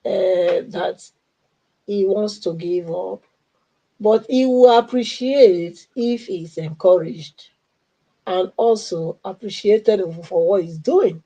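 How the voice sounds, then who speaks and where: Woman, slow, mellow, earnest, dull call audio. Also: medium pitch. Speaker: livestream guest.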